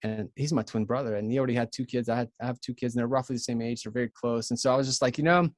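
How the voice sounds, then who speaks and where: A man in his thirties from Ukraine with a Ukrainian accent, a podcast guest telling his story in an earnest, halting way with many restarts. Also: medium pitch, level tone, darkish tone, no room sound, clean studio sound. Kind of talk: casual storytelling.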